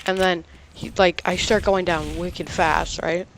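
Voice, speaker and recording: A teenage boy casually telling a story about his day, rambling with halting restarts and lots of "like". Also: high voice, fairly even intonation, fairly bright tone, a little hiss or hum. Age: teens.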